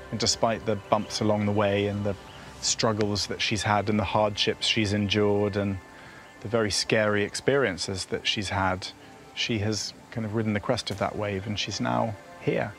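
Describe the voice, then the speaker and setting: A man's voice: fairly low pitch, fairly even intonation, moderate pace, fairly bright tone. A man presenting a travel documentary, narrating and interviewing outdoors in the bush with an encouraging manner. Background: background music.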